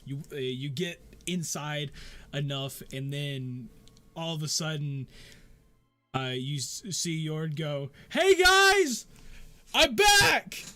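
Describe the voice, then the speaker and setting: A man's voice: on the high side, fairly bright tone. Rambling man narrating a game. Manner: casual, rambling, many fillers. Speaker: game master.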